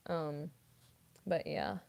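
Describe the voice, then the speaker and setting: A voice actress and streamer speaks very slowly in a low, sing-song voice with vocal fry and a darkish tone. She's a classically trained singer chatting on a livestream in response to viewer comments, her speech full of "like" and "um."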